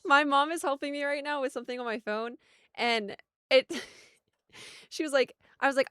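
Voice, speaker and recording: Bright, chatty woman streamer. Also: sits high, moderate pace, long pauses, no room sound, clean studio sound. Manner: chatty, laughs often. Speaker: livestreamer. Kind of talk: casual gaming stream chat.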